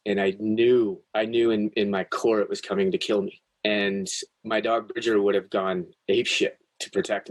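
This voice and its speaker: A low-pitched man speaking into a close podcast mic, telling a personal story with earnest intensity. He stumbles over restarts and swears now and then, and the sound is dry and close with no room echo. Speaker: podcast guest. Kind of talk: storytelling in casual chat.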